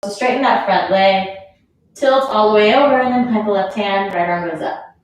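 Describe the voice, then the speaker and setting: A woman's voice: mid-range voice, normal speed. A woman leading a yoga class, out of breath as she gives casual, encouraging cues and counts down the breaths. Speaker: yoga instructor. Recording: very echoey room, mic far off.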